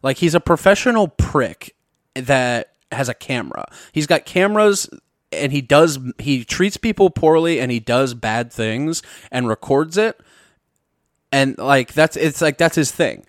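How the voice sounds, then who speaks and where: A young man from Missouri hosts a podcast in a loose, jokey, foul-mouthed rant that keeps stopping and restarting. His voice sits at a middling pitch. It is recorded close and dry, with no room sound. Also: lively intonation, measured pace, dry recording. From Missouri, USA. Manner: profane, rambling, self-interrupting, jokey. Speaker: podcast host. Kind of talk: casual comedic rant. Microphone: podcast mic.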